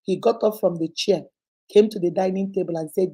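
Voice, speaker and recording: A woman reads a listener's letter aloud on her relationship advice show. She tells it dramatically, acting out the voices in it. Her voice is low and very mellow. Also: a little fast, breathy edge.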